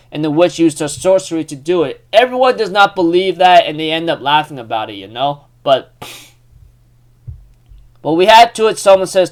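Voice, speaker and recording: A young man casually recapping a comic chapter, rambling with many fillers and frequent laughs. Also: a little high. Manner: excitable, rambling, laughs often, lots of fillers. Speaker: manga recap host.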